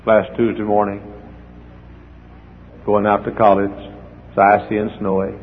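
An older man preaching a sermon as the pastor, swinging from hushed asides to near-shouts as he acts out the people in his stories. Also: fairly low pitch, completely flat delivery, measured pace. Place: church hall. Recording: dull echoey hall with faint noise.

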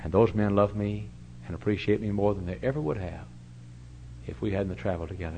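An older man preaching a sermon in a church. He tells stories with big swings from loud to hushed. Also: on the low side, a little fast. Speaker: pastor. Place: church sanctuary. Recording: dull, lo-fi church recording with faint hum.

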